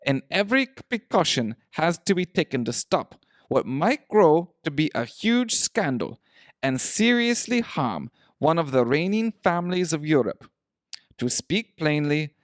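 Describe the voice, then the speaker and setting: A man's voice: fairly high pitch, dry recording, studio quality, pitched above the performer's own voice. A man reading a story aloud, voicing a proud, secretive masked nobleman who speaks in a formal, stiff and guarded way.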